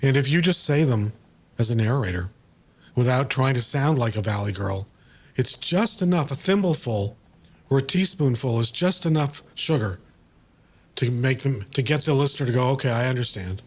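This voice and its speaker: Brief: mid-pitched man musing over a video call, rambling and halting as he gives his writer's notes. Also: lively intonation, slightly rough. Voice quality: discursive, halting, many fillers. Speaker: writer and director. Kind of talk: video-call creative discussion.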